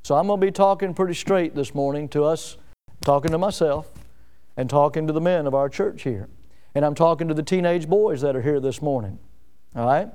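High, clear-voiced man preaching emphatically. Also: fairly quick. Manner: emphatic preaching, repeating key phrases, swelling to loud peaks then dropping low. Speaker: pastor. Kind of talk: sermon. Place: church, before the congregation.

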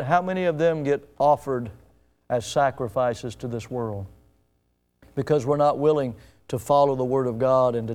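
A man preaching a sermon to his congregation. He is emphatic, rising to loud peaks and dropping to hushed asides, and often asks his listeners direct questions. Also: mid-range voice. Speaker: pastor.

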